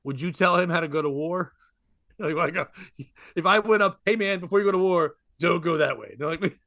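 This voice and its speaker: A man's voice: high voice, no echo, clean studio sound. A man telling a long rambling comedy story in casual podcast chat. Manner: rambling, animated, quick asides and laughs.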